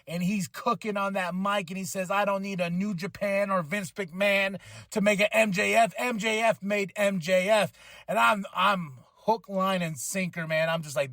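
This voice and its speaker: A man hosting a podcast, recapping a wrestling show with animated enthusiasm and occasional excited shouts. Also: sits high, moderate pace, gravelly, no echo, studio quality. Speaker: podcast host.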